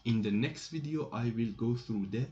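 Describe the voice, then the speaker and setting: A man's voice: mid-range voice, moderate pace, warm tone. A man teaching a language lesson, patiently repeating each example sentence and explaining it step by step. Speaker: French teacher. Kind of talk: slow spoken grammar lesson. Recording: slightly dull lo-fi recording.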